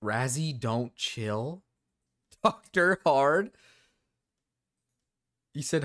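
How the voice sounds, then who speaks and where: A young man streaming live and reacting to videos, excitable and giggly, swearing freely. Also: a little high, extremely slow, long pauses.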